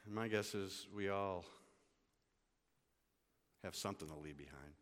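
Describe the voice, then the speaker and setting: A man preaching a sermon to his congregation, swinging from hushed, slow lines to loud, urgent ones. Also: deep voice. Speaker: pastor. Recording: long hall reverb.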